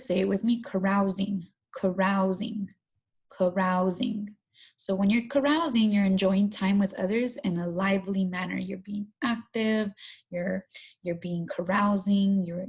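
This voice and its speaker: A woman's voice: medium pitch, gravelly, darkish tone, husky. A woman teacher running an online vocabulary lesson and read-aloud, repeating each word and asking students to say it along, restarting phrases and explaining in loose everyday words.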